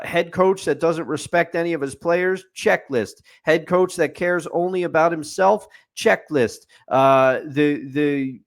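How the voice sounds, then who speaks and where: In a laid-back movie review on a podcast, a male co-host with a fairly high voice lays out his opinions methodically. He checks off each point in turn, like working through a list.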